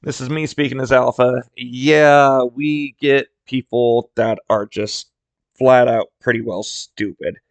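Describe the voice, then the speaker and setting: A man's voice: medium pitch, fairly even intonation, takes it slowly, no echo. Man, podcast host, candid, blunt, casual cursing, mid-range voice, dry recording. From rural area. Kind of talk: solo podcast storytelling.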